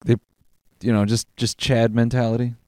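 A man's voice: mid-range voice, little pitch movement, normal speed, darkish tone, no room sound, studio quality. A young man reading a story aloud in a casual podcast chat, laughing and swearing as he goes.

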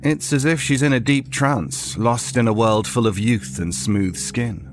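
Measured male horror story narrator. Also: mid-range voice, faint music behind.

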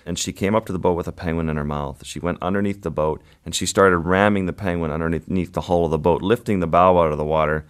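A man, a photographer guest, telling his story in an interview in a halting, vivid way with pauses and fillers. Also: deep voice, fairly even intonation, clean tone.

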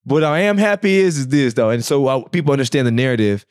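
A man's voice: medium pitch, expressive, fast talker, clean tone, no echo, clean studio sound. A man co-hosting a podcast, teasing and slangy, laughing a lot as he chats. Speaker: podcast co-host. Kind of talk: casual chat.

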